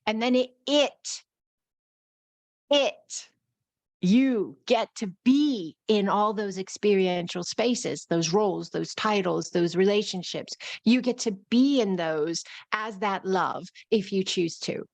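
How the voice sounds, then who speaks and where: A woman's voice: mid-range voice, slow, creaky, a little mellow, dry recording. A woman with a New York accent giving a live-streamed spiritual talk in flowing, repetitive phrases. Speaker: spiritual teacher.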